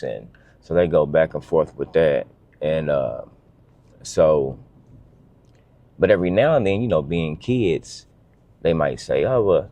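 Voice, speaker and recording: A man's voice: extremely low pitch, gravelly, dark tone. A man telling a heartfelt family story as a father in a casual vlog, earnest and emotional, often restarting his sentences.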